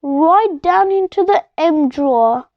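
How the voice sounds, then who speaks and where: A grumpy monster from a storybook who is obsessed with filing, as a woman reading aloud puts him on, growling his words out slowly and roaring at times. The voice sits quite high and the recording sounds dull and lo-fi. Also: expressive, dry recording, full character voice. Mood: smug. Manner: slow growling roar.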